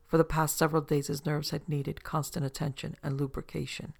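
A man narrating a story as an audiobook in a steady, even storytelling manner. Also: fairly high pitch, fairly quick, creaky.

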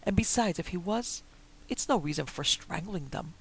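A man's voice: high-pitched, animated, normal speed, vocal fry, a little hiss or hum, poor audio. A man reading as a gossipy old housekeeper. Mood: indignant. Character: gossipy older female housekeeper, dignified.

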